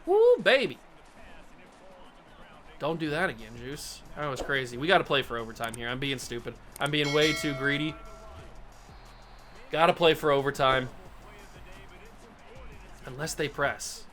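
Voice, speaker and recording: A man's voice: medium pitch, normal speed, pauses often, pushed and bright, soft background music. A young man hosting a football video game playthrough, commenting casually and mocking himself as he swings between groans and yelps. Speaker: gaming YouTuber host.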